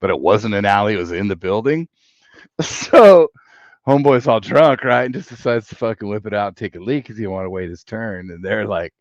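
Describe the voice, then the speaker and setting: A man's voice: lowish voice, a little fast, dry recording, dull audio. A middle-aged man hosting a casual chat, telling long rambling stories full of swearing. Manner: rambling, profane, animated storyteller. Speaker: podcast host.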